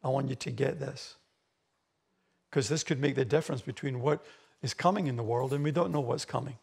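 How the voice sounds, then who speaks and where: Australian male pastor, gravelly husky voice, emphatic sermon delivery. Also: medium pitch, a little fast. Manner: emphatic preaching, rising loud on key phrases. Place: church hall.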